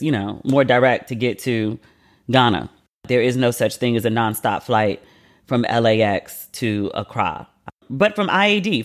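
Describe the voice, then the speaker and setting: Chatty, expressive man hosting a podcast. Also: mid-range voice. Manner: chatty and expressive, swears freely, laughs at himself. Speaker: podcast host. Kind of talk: casual chat.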